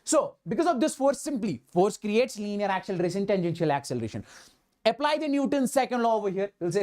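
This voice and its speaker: A man's voice: high-pitched, big pitch swings, brisk. A man with an Indian accent teaching physics in a live online lecture, talking emphatically, repeating himself and often checking that his students understand. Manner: mixes Hindi words into English.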